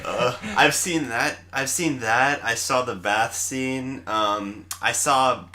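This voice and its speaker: A man's voice: mid-range voice, slow, a loud crowd. A man co-hosting a casual podcast, chiming in with laid-back, short remarks. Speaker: podcast co-host. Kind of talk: casual chat.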